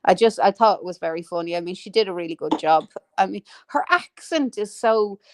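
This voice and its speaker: A woman's voice: medium pitch, animated, a little fast, a little hiss or hum. A woman with a Dublin Irish accent, chatting casually and greeting viewers as co-host of a livestream. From Ireland. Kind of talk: casual chat.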